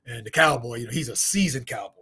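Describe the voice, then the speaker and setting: A middle-aged man from St. Louis with a husky voice tells a story in casual talk, acting out the other people's lines in high voices and laughing often. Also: fast, bright, forceful tone. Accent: St. Louis, African American Vernacular English. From St. Louis, USA. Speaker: guest storyteller, martial artist.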